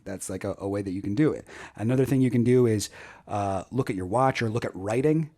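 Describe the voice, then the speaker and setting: A man's voice: mid-range voice, animated, brisk, warm tone. A Canadian man giving wry, rambling casual commentary on a video as a creator. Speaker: YouTube creator. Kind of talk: casual commentary reading jokes aloud.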